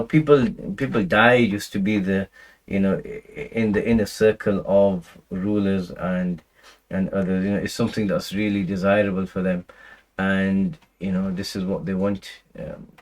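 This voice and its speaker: A man with a fairly low voice explains scripture in a loose, talky lecture. He restarts sentences, leans on "you know" and "right", and slips into Arabic recitation between explanations. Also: low-quality recording. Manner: conversational, many fillers and restarts, recites Arabic verses. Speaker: Quran teacher.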